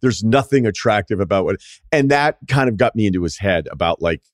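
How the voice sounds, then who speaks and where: A man from the Boston area hosting a podcast, telling stories in a casual, animated way, acting out quotes and swearing freely. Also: fairly low pitch, fairly quick, no echo, clean studio sound. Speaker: podcast host and longtime radio host. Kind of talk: casual storytelling chat.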